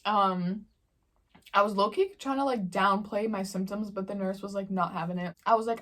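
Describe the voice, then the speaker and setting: A young woman talking casually to her camera while she eats. She tells stories in a relaxed, slangy way, full of fillers, at a mid pitch. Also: normal speed. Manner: chatty slangy storytelling while eating. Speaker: vlogger. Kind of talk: casual mukbang Q&A chat.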